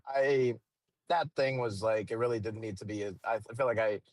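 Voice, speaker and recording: Low-voiced man chatting hesitantly. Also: moderate pace, dry recording. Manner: brief agreeing replies, hesitant when he talks about himself. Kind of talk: casual chat.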